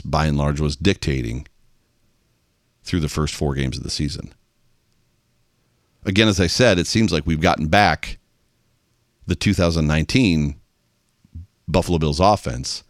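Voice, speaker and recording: A man's voice: sits low, no echo, clean studio sound. A man hosting a sports talk show, delivering an exasperated fan's monologue. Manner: animated, exasperated fan ranting. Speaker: podcast host.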